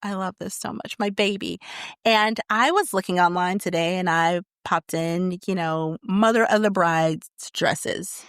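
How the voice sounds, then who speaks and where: A woman's voice: on the low side, a little slow, fairly bright tone, smooth, no echo, clean studio sound. A woman in her fifties co-hosting a casual podcast chat, candid and laughing often. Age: 50s. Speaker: podcast co-host.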